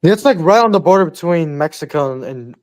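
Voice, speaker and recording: A man's voice: fairly high pitch, animated, brisk, a little mellow. A young adult man chatting casually, slangy and calling everyone "bro". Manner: slangy, says "bro" a lot. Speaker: group chat participant. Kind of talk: casual chat.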